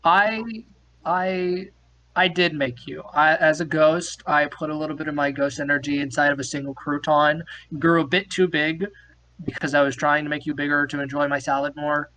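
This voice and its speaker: A man in his twenties co-hosting a podcast, telling a story in an animated, giggly way, stammering as he goes. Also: a little high, moderate pace, rough recording. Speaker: podcast co-host. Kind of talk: casual chat, storytelling.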